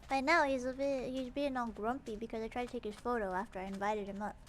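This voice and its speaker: A woman's voice: a little high, fairly even intonation, quick pace, slight background noise. A woman streamer chatting playfully while gaming, repeating phrases with exaggerated emphasis. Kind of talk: casual game livestream chatter.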